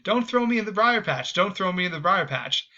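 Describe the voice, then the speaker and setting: Cocky storybook trickster rabbit, male, sly and taunting, bright and punchy, high-pitched, read out by a man. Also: brisk, dull audio. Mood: pleading. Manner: taunting, raised excited voice.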